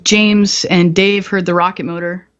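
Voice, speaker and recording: A woman's voice: on the low side, level tone, unhurried, muffled recording. A woman guest on a podcast, telling stories in a candid, profane way and laughing often. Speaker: podcast guest, military veteran. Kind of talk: casual storytelling.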